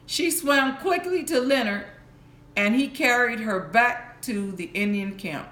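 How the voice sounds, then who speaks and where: A woman reads a bedtime story for adults in a slow, measured way and sometimes stops to correct a word. Her voice sits a little high. The sound rings in an echoey room. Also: animated, a bit bright. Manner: slow, careful reading with small restarts.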